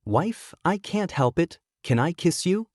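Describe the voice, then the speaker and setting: A man's voice: fairly high pitch, sing-song, unhurried, no echo, studio quality, voice pushed up. A man doing a coaxing young alpha lover. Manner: soft, pleading, coquettish.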